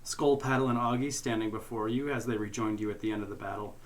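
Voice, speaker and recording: A man narrating and hosting a tabletop game as game master, relaxed and jokey, often laughing. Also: fairly low pitch, quick pace.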